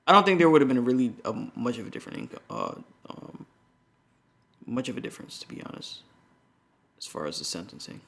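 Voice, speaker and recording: An American man with a gravelly, fry-edged voice co-hosts a relaxed podcast. His talk is loose and full of slang, easygoing and unforced. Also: mid-range voice, fast talker. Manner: slangy, laid-back talk. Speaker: podcast co-host. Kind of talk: casual podcast chat.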